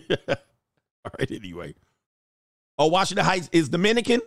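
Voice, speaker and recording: A man's voice: mid-range voice, big pitch swings, moderate pace, long pauses, fairly bright tone, dry recording, clean studio sound. A man hosting a casual livestream, reading out chat comments and joking in a loose, slangy way. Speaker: dating coach and channel host.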